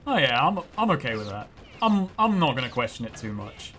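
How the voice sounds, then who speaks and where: A man's voice: medium pitch, sing-song, a little fast, fairly bright tone, a little hiss or hum. A man casually chatting and joking while playing a game on a livestream, swearing freely and poking fun at himself. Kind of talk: casual gaming livestream banter.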